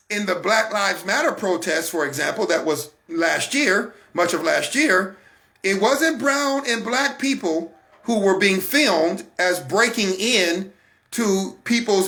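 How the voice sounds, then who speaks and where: Addressing his audience straight on, this American Christian broadcaster preaches in a forceful, repetitive, sermon-like manner. He speaks slowly in a high, expressive, sharp-toned voice with some vocal fry.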